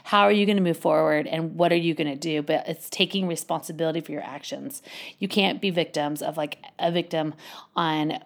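A woman's voice: sits low, steady tone, a little fast, gravelly. A woman who works with children, telling a story casually and animatedly, acting out voices and laughing often.

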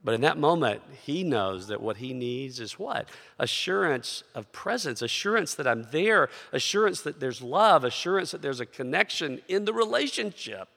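A man's voice: fairly high pitch, very animated, normal speed, creaky, few pauses, pushed and bright. A middle-aged man preaching a sermon as a pastor, telling a personal story in a conversational way and asking rhetorical questions. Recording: long reverb of a large hall.

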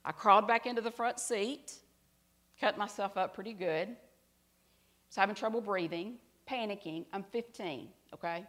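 A woman's voice: medium pitch, moderate pace. Earnest woman preaching a story. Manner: earnest storytelling, drops to soft quiet tones at emotional parts. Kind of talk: sermon with personal story.

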